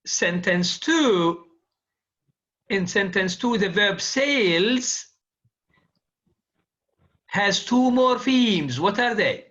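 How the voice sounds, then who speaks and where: Guy teaching linguistics, bright tense voice, lo-fi recording. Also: sits high, expressive, drawn-out words, long pauses. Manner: repetitive, drills students with quiz questions. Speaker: university linguistics lecturer. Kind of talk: classroom lecture. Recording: dull lo-fi classroom recording.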